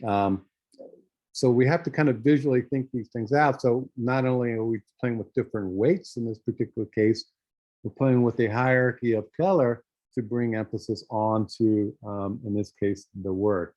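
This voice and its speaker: Low-voiced man teaching design software. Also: normal speed, dry recording, muffled recording. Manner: relaxed, thinking aloud with many fillers. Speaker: design instructor. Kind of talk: screen-share software tutorial.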